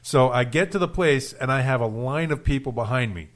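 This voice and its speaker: Laughing radio host telling a story. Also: male voice, mid-range voice, brisk. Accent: Rhode Island. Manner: rambling storyteller, laughs often. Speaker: radio show host and rideshare driver. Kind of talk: casual studio chat, telling an anecdote. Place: radio studio.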